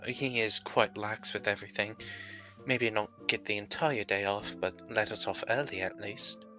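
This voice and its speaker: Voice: medium pitch, normal speed, sharp tone, faint music behind. A player in a live-streamed tabletop role-play game, speaking formally in character and narrating in the third person.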